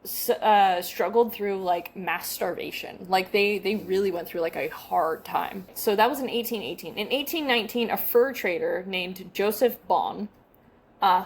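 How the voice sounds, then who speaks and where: A woman's voice: mid-range voice, husky. A young adult woman co-hosting a podcast, chatting casually and reading from her notes, self-deprecating and stumbling over names. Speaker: podcast co-host.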